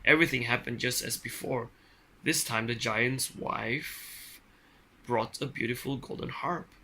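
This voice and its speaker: A man's voice: medium pitch, measured pace, pushed and bright, low-quality recording. A middle-aged man reading a children's story aloud at home, plainly and playfully, with small slips. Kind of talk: casual bedtime story reading.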